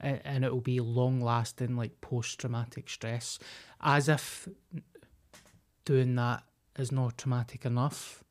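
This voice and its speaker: A man's voice: medium pitch, flat delivery, a little slow. Laid-back man, casual chat. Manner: laid-back, agreeing, coarse. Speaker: podcast co-host.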